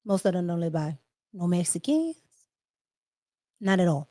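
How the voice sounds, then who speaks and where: A woman's voice: on the low side, very animated, moderate pace, dark tone, dry recording, studio quality. A woman from Washington, D.C. hosting a livestream, giving casual political commentary in a chatty way and checking in with her viewers as she goes. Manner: chatty, repeats "okay?" to the viewers. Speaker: livestream host.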